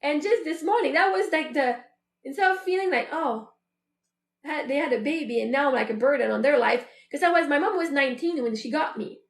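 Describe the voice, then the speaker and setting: A show host in her thirties with a high, bright voice shares a candid personal reflection, talking a little fast. She's chatty and loose, using lots of fillers and voicing her inner thoughts as quotes, and the recording has a noticeable roomy echo.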